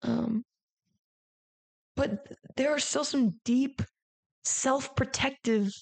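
Candid, rambling woman with vocal fry. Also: high voice, slow, dry recording. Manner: rambling, confessional, frequent "like" and casual swearing. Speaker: podcast host. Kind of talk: candid personal monologue.

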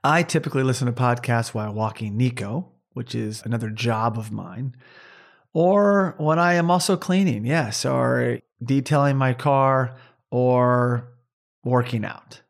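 A man's voice: mid-range voice, measured pace, gravelly. A middle-aged man co-hosting a podcast in casual chat, talking at length in an earnest, rambling way. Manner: earnest, rambling, warm appreciation of fans. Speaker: podcast co-host.

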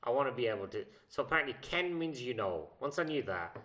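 Bright-voiced man, rambling chat. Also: medium pitch, sing-song, fast talker, muffled recording. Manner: rambling, jokey, trails off into mumbles. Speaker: podcast co-host. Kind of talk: casual chat.

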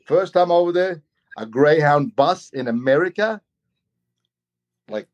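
A man from Australia telling a long travel story in a casual, animated way, often repeating his words as he goes. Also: fairly high pitch, measured pace, dull audio. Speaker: guest storyteller.

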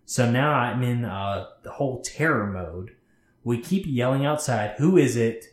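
A man's voice: mid-range voice, lively intonation, unhurried. A man co-hosting a podcast, casually reading a scary story aloud, swearing freely and stopping to comment. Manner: profane, chatty, breaks off to comment. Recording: roomy echo.

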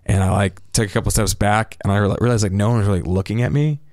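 Man, low voice, dry close sound, animated storyteller who slips into characters' lines, casual podcast chat. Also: fast talker, no room sound. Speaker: podcast co-host recapping an anime.

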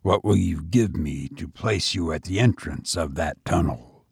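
A man voicing a crafty storybook jailer who talks quietly and in a measured way. The voice is very deep and slow, with a husky edge. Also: no room sound, clean studio sound, full character voice. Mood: sly. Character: cautious, crafty male castle jailer.

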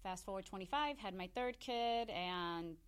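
A woman's voice: mid-range voice, measured pace, clean tone. A woman in her thirties, a hairstylist guest on a podcast, telling her life story casually and acting out the dialogue she recalls. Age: 30s. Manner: animated storyteller acting out quoted dialogue, laughs often.

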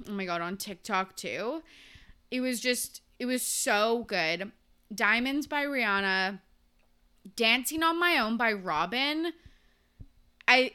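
A young woman talks straight to her viewers in a loose, gushing vlog chat, full of fillers and casual swearing. Her voice is bright and forceful, with a smooth, resonant clarity. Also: medium pitch. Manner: chatty, gushing, swears freely, many fillers. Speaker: vlogger reviewing a TV season.

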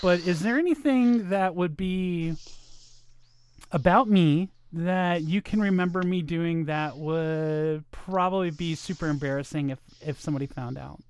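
A woman's voice: on the low side, unhurried, darkish tone, smooth. A woman hosting a casual chat, with a faint Southern US accent, chatty and teasing as she asks questions. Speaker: podcast host.

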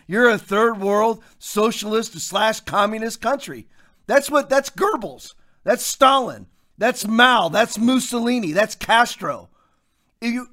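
A man's voice: high-pitched, fairly bright tone. A man hosting political commentary, ranting with fiery rhetorical questions. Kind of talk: impassioned commentary rant.

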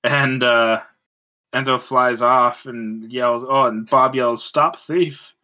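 A man's voice: mid-range voice, level tone, slow pace, pushed and bright, smooth. A man co-hosting a casual podcast, laid-back and laughing often with hesitant fillers. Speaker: podcast co-host. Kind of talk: casual chat.

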